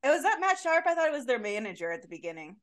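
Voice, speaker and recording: A woman's voice: high voice, sing-song, racing. Teasing female podcast co-host. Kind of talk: casual chat.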